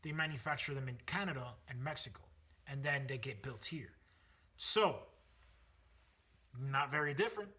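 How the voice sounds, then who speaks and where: Car guy vlogging, husky but bright voice, chatty with lots of uhs and restarts. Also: medium pitch, normal speed, long pauses. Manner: energetic, chatty, many fillers and self-corrections. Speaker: car channel host, automotive technician. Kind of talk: casual talk to camera.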